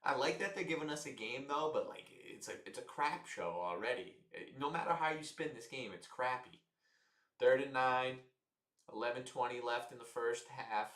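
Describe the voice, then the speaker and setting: A man's voice: mid-range voice, moderate pace, echoey room, recorded from a distance. Frustrated young man swearing through commentary. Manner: frustrated, swearing, loud outbursts. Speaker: livestream commentator. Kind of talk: casual live game commentary.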